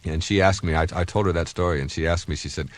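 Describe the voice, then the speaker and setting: A man's voice: low voice, steady tone, fast talker. A man in his fifties giving a recorded self-help talk in an earnest, conversational, anecdotal way. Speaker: self-help author and speaker.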